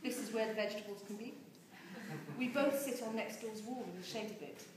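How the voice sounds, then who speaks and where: A woman reading a novel aloud with expressive, lively storytelling. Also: fairly high pitch, a little fast, noisy background. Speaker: reader. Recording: very echoey room.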